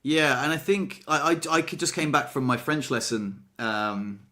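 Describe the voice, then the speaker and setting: A man co-hosting a podcast in casual chat. He is chatty and self-mocking, often stammers and restarts, and acts out his own quotes in lively bursts. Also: medium pitch, normal speed. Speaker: podcast co-host.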